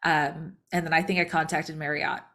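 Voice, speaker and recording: Lower-pitched chatty woman telling a story. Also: flat delivery, moderate pace, a bit bright. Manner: chatty, acts out quoted voices. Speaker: podcast co-host. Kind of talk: casual storytelling chat.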